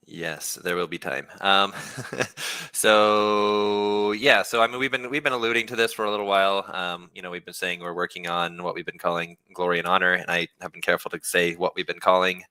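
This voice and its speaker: A man from a game studio explaining a new feature on a livestream Q&A, relaxed, with many fillers and restarts. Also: deep voice, normal speed, clean tone, dry recording. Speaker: game developer.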